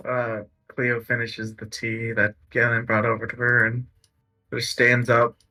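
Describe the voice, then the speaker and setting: Man, tabletop player, casual, hesitant, bright tone. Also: medium pitch, completely flat delivery, measured pace, recorded from a distance. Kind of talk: casual tabletop role-play.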